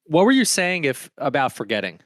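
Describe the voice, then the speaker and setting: A man's voice: on the high side, very animated, brisk, dry recording. A man on a panel talk show, telling rambling stories with enthusiasm. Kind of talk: casual panel chat.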